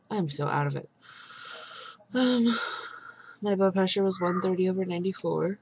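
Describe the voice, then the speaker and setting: A young woman vlogging a casual video update, exhausted and frustrated, rambling with many pauses and fillers. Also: on the low side, a little mellow, slight background noise.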